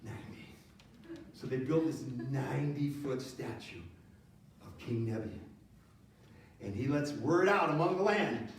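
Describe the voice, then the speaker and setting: A man's voice: mid-range voice, unhurried, pauses often. Sex: man. Role: pastor. Style: sermon, playful storytelling. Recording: echoey church hall, distant mic. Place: church auditorium.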